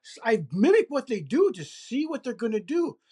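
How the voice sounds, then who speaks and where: A man telling his own story as an interview guest, animated and emphatic, with pauses and fillers. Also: extremely high pitch, husky. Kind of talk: first-person storytelling.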